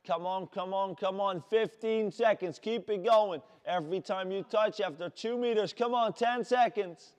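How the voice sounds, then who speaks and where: A man with a Dutch accent leading a workout class as fitness coach, shouting energetic encouragement. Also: high-pitched, moderate pace, few pauses, clear, resonant tone. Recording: long hall reverb.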